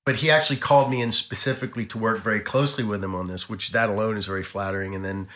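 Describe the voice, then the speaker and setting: A man talks through a long anecdote with eager, tumbling sentences and frequent restarts. His voice is bright and forceful. There is clear room echo around him. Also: fairly low pitch, fairly even intonation, racing. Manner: rambling, self-correcting, enthusiastic storyteller. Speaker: interview guest, artist. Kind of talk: animated anecdote telling.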